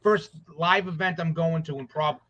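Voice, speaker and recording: A man co-hosting a casual sports podcast, rambling excitedly and swearing as he talks. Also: a little high, normal speed. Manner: excited, profane, rambling with restarts. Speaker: podcast co-host. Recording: dull lo-fi audio.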